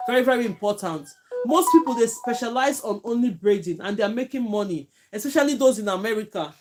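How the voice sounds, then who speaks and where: A woman's voice: a little high, expressive, fast talker, darkish tone, soft background music. A woman from Nigeria with a Nigerian accent, teaching hair braiding on a live stream from home, chatting and thanking viewers by name. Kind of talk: live-stream tutorial chat.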